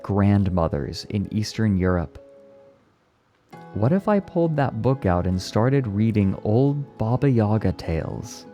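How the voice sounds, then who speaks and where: A man streaming and chatting casually with his viewers, speaking gently and with enthusiasm. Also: fairly low pitch. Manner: gentle, soft-spoken. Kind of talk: casual live-stream chat, answering chat.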